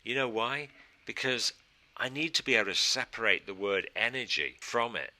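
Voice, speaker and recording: A man's voice: medium pitch, normal speed, bright, forceful tone. A man teaching a casual design tutorial, thinking aloud and answering his own questions as he works. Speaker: design instructor. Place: studio.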